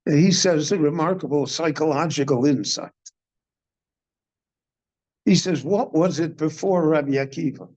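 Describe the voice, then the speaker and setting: An older man, a rabbi, giving a slow, deliberate Torah class in a synagogue, posing questions and then answering them. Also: a little high, a little mellow. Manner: measured teaching, poses questions and answers them.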